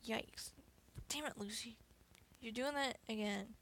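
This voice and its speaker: A woman's voice: a little high, unhurried, fairly bright tone, a little hiss or hum. A woman reacting and joking her way through a game in casual let's-play commentary. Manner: jokey and reactive. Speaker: gaming commentator.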